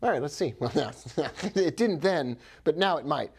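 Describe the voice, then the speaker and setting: A man's voice: a little high, lively intonation, moderate pace, slightly rough. A man giving live trading commentary, thinking aloud with upbeat exclamations and talking to viewers by name. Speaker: forex trader.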